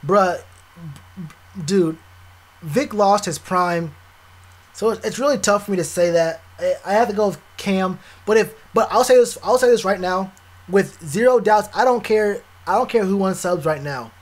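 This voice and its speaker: A young man streaming live, chatting casually with viewers, animated and repetitive, full of slang. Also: sits high, normal speed. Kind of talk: live stream reaction chat.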